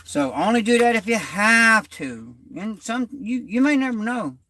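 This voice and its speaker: A man's voice: sits high, sing-song, unhurried, sharp tone, no room sound. A middle-aged man, hosting his channel and telling rambling, slangy stories in casual talk. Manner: loose, rambling storytelling in Southern-style slang. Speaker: channel host.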